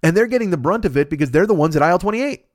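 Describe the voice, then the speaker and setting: Man, podcast host, comic storytelling, swears a lot, quick delivery, dry close mic. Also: high-pitched, no echo. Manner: profane, animated, self-mocking anecdotes. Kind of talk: casual comedic storytelling.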